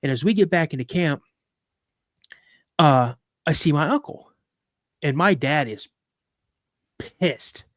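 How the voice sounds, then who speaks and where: A man's voice: on the high side, expressive, measured pace, long pauses, dry recording, studio quality. A man hosting a live podcast, retelling a personal story vividly with frequent restarts. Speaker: podcast host.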